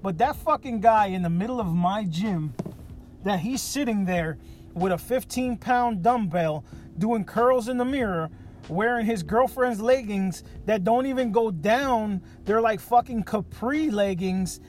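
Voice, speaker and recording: A man's voice: high-pitched, unhurried, a little mellow, faint music behind. A man hosting a podcast, talking in a casual monologue that is profane, jokey and ranting. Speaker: podcast host.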